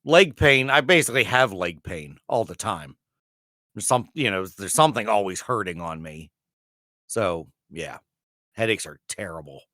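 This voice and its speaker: A man co-hosting a casual podcast, easygoing and quick to agree and laugh along. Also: on the low side, animated, pushed and bright, dry recording, studio quality. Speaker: podcast co-host. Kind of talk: casual chat.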